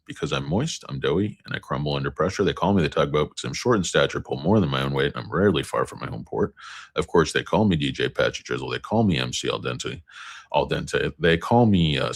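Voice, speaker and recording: A man's voice: extremely low pitch, gravelly. A man hosting a casual stock market livestream, reading viewer comments aloud with rambling, self-mocking jokes.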